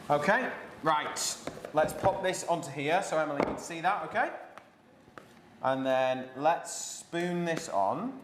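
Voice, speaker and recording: A man's voice: on the high side, roomy sound, background noise. A man hosting a live cooking class from his home kitchen, chatting and joking with his daughter while he explains each step.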